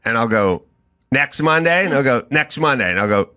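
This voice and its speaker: Animated, bright-voiced man ranting. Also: mid-range voice, normal speed. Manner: animated storytelling, acting out both sides of a dialogue. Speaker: podcast host. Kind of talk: comedic rant on a talk show.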